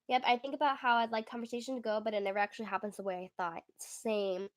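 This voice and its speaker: A young woman with a squeaky, fairly high voice hosts a casual livestream. She talks in a chatty, giggly way and fills her sentences with "like". The sound is dry and close, with no room around it. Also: level tone, fast, dry recording. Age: young adult. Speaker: livestream host.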